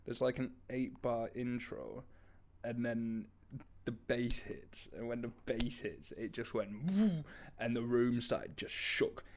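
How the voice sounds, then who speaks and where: A man's voice: mid-range voice, steady tone, takes it slowly. A man, a band member chatting casually about gigs, laughing often and swearing as he tells stories. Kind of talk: casual chat.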